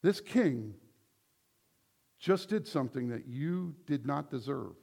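A male pastor preaching a sermon, animated, acting out quoted voices as he teaches. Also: mid-range voice, slow pace, vocal fry.

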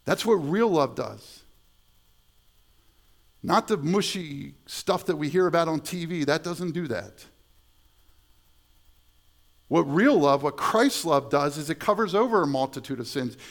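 Gravelly-voiced man preaching a sermon. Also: on the high side. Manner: conversational preaching with repeated words and asides. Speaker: pastor. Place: church sanctuary.

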